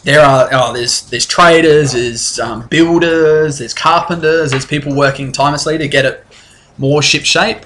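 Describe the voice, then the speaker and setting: A man's voice: a little high, fairly even intonation, moderate pace, fairly bright tone, a little hiss or hum. A man narrating as game master in a tabletop game, rambling and restarting his sentences. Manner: rambling, restarts often, laughs easily.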